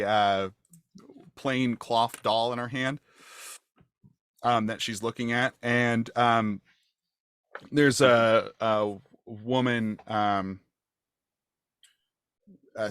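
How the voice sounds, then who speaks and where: A man running a tabletop game as game master over a video call, talking haltingly with many fillers and restarts. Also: on the low side, a bit bright, clear, resonant tone, dry recording, clean studio sound.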